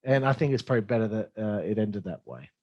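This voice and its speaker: A man giving a blunt, profanity-heavy solo review of a wrestling show, excitable and opinionated. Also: on the low side, quick pace, dry recording, lo-fi sound. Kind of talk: casual solo review monologue.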